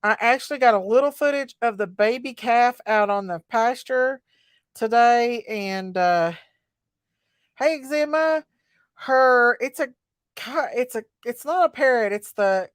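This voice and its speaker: A woman's voice: a little high, a little slow, smooth, no room sound, studio quality. A middle-aged woman, hosting a casual livestream chat, greeting viewers by name in a folksy way. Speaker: livestream host.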